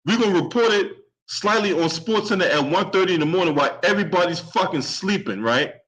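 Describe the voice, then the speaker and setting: A man's voice: high-pitched, sharp tone, poor audio. A man delivering an angry solo sports and politics commentary rant, heated and profane, and often tagging his points with a questioning "right?". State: openly angry.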